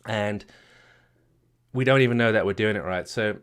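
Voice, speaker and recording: A man with a fairly low voice leads a marriage retreat session as its coach. He speaks emphatically, often restarts his sentences and drives each point home by repeating it. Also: moderate pace, smooth. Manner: emphatic and repetitive, with frequent restarts and "right?" tags. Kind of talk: retreat workshop talk. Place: retreat venue.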